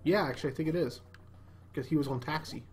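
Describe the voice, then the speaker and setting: A man's voice: on the high side, fast talker, faint music behind. A man co-hosting a podcast, casually chatting and asking short curious questions about the game. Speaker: podcast co-host. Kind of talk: casual gameplay chat.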